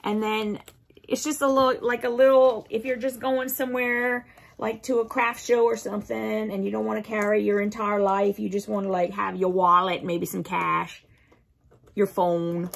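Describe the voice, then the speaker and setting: A woman's voice: mid-range voice, level tone, moderate pace, vocal fry. A woman hosting a casual unboxing video, cooing playfully at her cat and laughing often. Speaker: vlog host.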